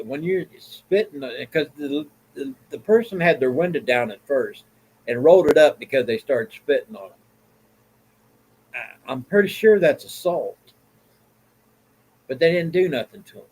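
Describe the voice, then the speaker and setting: Speaking plainly in a Southern US accent, this man rambles through his bluntly stated opinions on his vlog. The recording is poor quality, and his voice sits at a medium pitch.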